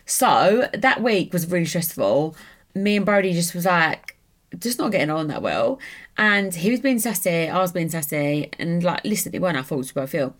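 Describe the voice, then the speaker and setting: Casual podcast host, young woman, rambling and gossipy, slightly low voice. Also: expressive, moderate pace. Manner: chatty, gossipy, rambling with many fillers. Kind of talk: casual solo chat.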